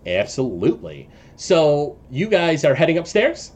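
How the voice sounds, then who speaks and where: A man narrating a tabletop game as game master, loose and halting with many fillers. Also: on the high side, huge pitch swings, darkish tone, husky.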